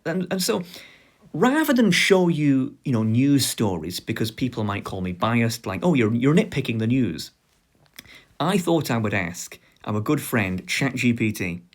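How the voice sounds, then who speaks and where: A young British man giving a sarcastic commentary lecture, animated and stammering through restarts. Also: mid-range voice. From Britain.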